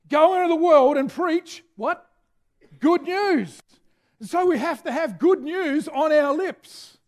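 High voiced guy preaching a sermon, gets loud and shouty a lot. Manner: energetic, shouts out key phrases.

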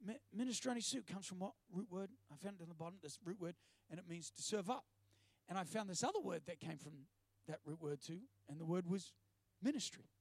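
Heard on a dry recording, the man's voice sits high and runs a little fast. He's a preacher and TV presenter giving a sermon, animated and storytelling, with jokes dropped in along the way.

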